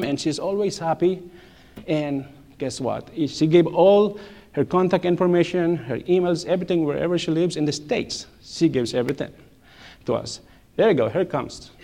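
Middle-aged man, slightly high voice, lively church testimony teller, repeats himself, laughs as he talks. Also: moderate pace. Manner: animated, repeats phrases, laughs between lines. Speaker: church speaker telling a testimony. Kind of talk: personal testimony storytelling.

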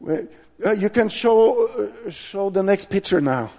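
A man gives an earnest church testimony, his voice pitched high for a man and edged with gravelly fry. He speaks slowly and keeps stopping to restart his sentences. Everything rings in a long hall reverb. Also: lively intonation, darkish tone. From Norway. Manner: earnest storytelling with many restarts. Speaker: missionary preacher.

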